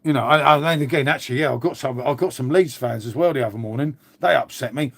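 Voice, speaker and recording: A man's voice: a little high, lively intonation, fast talker, dry recording. A man chatting casually on a live stream, swearing freely and calling everyone "mate". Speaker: livestream host. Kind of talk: casual live chat with viewers.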